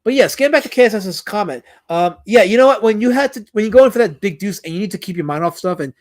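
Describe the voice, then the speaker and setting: A man's voice: sits high, lively intonation, fast, darkish tone. A man streaming live as a comic creator, reading out chat comments in a rambling way that is full of stuttered repeats.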